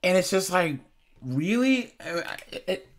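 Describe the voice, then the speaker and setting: Host, young adult man, slightly high voice, unhurried incredulous commentary with frequent laughs. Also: animated, fairly bright tone. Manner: amused, incredulous, laughs between lines. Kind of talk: casual reaction commentary.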